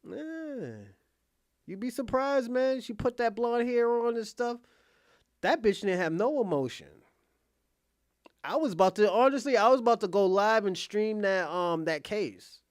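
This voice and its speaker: A man with a high-pitched voice rants casually to his online viewers. He talks bluntly and profanely, keeps saying he is being honest, and laughs between lines. His voice is recorded dry and close. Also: normal speed, dry recording. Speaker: online commentator.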